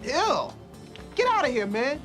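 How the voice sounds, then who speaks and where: A dismissive woman turning down a pest, as an actress plays her with a fairly high voice that swoops wildly up and down. She is curt and blunt, and faint music sits behind her in this comedy clip. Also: very animated, a little slow, fairly bright tone, heavily acted. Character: woman brushing off a beggar, dismissive.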